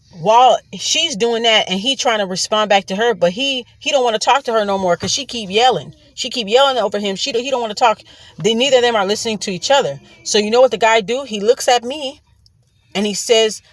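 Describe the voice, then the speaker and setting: A woman's voice: a little high, normal speed, no room sound. A woman host telling a personal story in a casual monologue, blunt and profane, with emphatic repeated asides.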